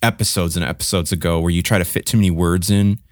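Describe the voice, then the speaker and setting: Podcast co-host, male, lower voice, rambly and casual, dry close recording. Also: fairly even intonation, quick pace, no room sound. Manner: rambling, many fillers and restarts, hums riffs. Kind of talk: casual music review chat.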